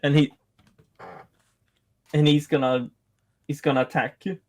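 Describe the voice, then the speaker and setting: A man playing a tabletop game, playful and excitable, often laughing. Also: a little high, measured pace. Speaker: player. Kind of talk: casual tabletop game play.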